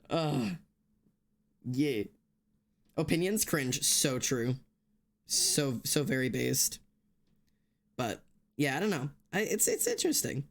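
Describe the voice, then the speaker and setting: A man's voice: medium pitch, big pitch swings, slow pace, creaky, pauses often. A man streaming live who swears heavily, rants hotly and then laughs it off, talking straight to his chat with many restarts. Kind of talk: casual livestream chat.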